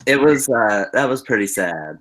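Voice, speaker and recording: A man's voice: mid-range voice, expressive, normal speed, fairly bright tone. A man hosting a casual group chat, joking and laughing often as he talks. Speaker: podcast host.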